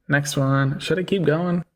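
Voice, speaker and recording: Sarcastic male livestream host. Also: fairly high pitch. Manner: sarcastic, mocking, talks down to callers. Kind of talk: casual livestream debate.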